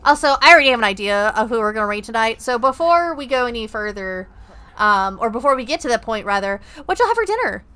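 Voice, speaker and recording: Young woman game streamer, bright and tense tone, talkative and profane. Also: fairly high pitch, big pitch swings, quick pace, clean tone. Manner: chatty, profane, rambling. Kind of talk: casual gaming-stream chat.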